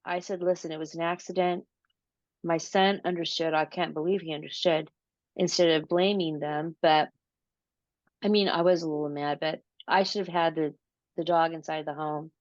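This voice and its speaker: Woman interview guest, low voice, animated storyteller, dry muffled recording. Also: normal speed, no room sound. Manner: animated, repeats words, acts out her own quotes. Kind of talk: casual storytelling.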